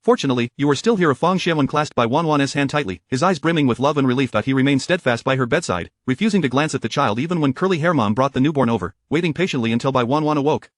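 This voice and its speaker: A man narrating a story in a formal, even reading style. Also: mid-range voice, quick pace, few pauses, no room sound, clean studio sound.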